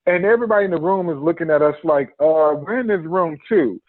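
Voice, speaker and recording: Animated man telling a story over a tinny line. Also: fairly high pitch, fast talker, dry recording. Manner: animated storyteller who acts out quotes and laughs often. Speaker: podcast guest. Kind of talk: storytelling in an interview. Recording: tinny phone-line sound, dry.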